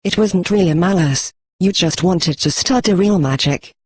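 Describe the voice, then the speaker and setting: A woman's voice: lowish voice, darkish tone, husky. A synthetic male voice doing a condescending pony mare. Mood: patronizing. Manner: speaks slowly, as to a child. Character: earnest female unicorn pony, patronizing scholar. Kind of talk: synthetic fanfic reading.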